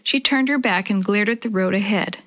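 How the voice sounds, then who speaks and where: A woman reads a children's chapter book aloud with clear, expressive storytelling. Her voice sits at a middle pitch. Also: moderate pace. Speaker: narrator.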